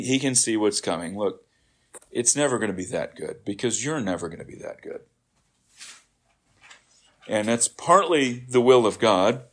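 A male preacher delivering a sermon at a medium pitch. He talks it through conversationally, restarting phrases and checking in with his congregation as he explains.

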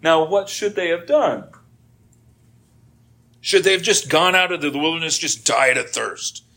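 A man's voice: fairly high pitch, expressive, a little slow, vocal fry, pushed and bright. A middle-aged man preaching a sermon as pastor, acting out quoted grumbling and prayers in a dramatic way.

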